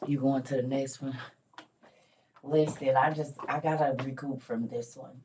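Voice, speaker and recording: A woman's voice: rumbling low, steady tone, measured pace, a little mellow, recorded from a distance, a little hiss or hum, poor audio. An older woman, a grandmother, chatting in a morning vlog, tired and weak, telling stories and calling viewers y'all and honey. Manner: chatty storytelling, Southern Black vernacular, calls viewers y'all and honey. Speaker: vlogger. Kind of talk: casual morning vlog chat.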